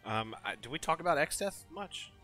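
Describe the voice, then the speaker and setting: A man's voice: a little high, expressive, fairly quick, over music. A man hosting a casual gaming stream, laughing often and teasing his co-hosts. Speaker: podcast host.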